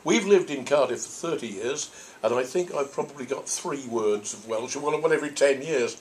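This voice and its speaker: An older man from Norfolk talks at a middle pitch, picking his words slowly and circling back with restarts. He is a priest answering questions from an audience, thoughtful and unhurried. A faint hiss of ambience runs beneath him. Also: lively intonation. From Norfolk, England. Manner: thoughtful, rambling, with frequent restarts. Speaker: priest and convention guest.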